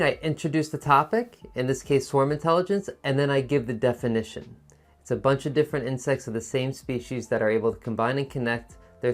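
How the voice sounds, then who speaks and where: Encouraging male test-prep teacher. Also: mid-range voice. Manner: encouraging, explains step by step with examples.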